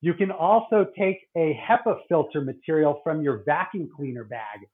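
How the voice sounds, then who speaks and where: A middle-aged man who works as a doctor talks in a loose, rambling way, doubling back and restarting his sentences. His voice sits a little high. The sound is thin and boxy, as if it were coming over a phone call. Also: normal speed. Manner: rambling, many restarts and fillers. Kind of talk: casual podcast chat.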